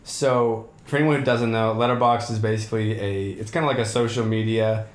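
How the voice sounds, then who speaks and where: Man casual co-host, quick and offhand, roomy echo. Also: fairly low pitch, steady tone. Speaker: podcast co-host. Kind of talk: casual chat. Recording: echoey room.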